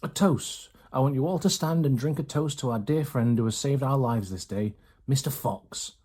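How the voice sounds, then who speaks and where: A man doing a proper, steady badger. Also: mid-range voice, moderate pace, slightly rough, close to an everyday voice. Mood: toasting.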